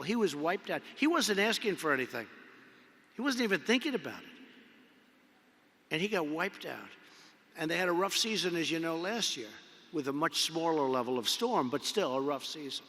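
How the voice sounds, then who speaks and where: A man delivers a loose political speech from a podium, circling back and repeating phrases with chatty asides. His voice is bright and forceful and sits a little high. The sound rings with the long reverb of a big indoor arena. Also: lively intonation, normal speed, long pauses. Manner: rambling, repetitive, conversational asides. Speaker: political speaker at a convention. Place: large indoor convention arena.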